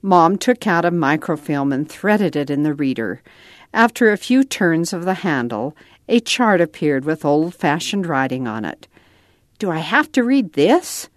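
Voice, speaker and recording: A woman narrating a children's storybook aloud in an expressive, lilting manner. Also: low voice, moderate pace, no echo, studio quality.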